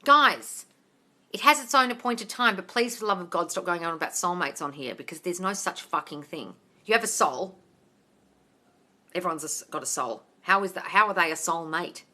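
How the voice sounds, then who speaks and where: A woman's voice: lowish voice, moderate pace, pushed and bright. A woman hosting a live manifesting Q&A, reading viewer comments and answering bluntly with lots of swearing, calling people darling. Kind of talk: casual live-stream chat reading comments.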